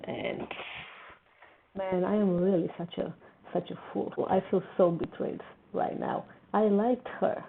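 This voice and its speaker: A woman's voice: lowish voice, little pitch movement, a little slow, creaky. A woman hosting a casual TV reaction video, talking emotionally and repeating herself when upset. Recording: tinny phone-like sound with faint noise.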